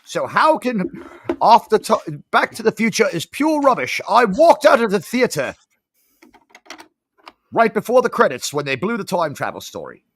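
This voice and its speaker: A man's voice: on the high side, animated, normal speed, vocal fry, a bit bright, no echo, exaggerated voice. A man putting on a blustery mock Kiwi bloke. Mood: mock indignant. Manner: exaggerated put-on antipodean accent, blustery. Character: ranting mock Kiwi-Australian man, indignant.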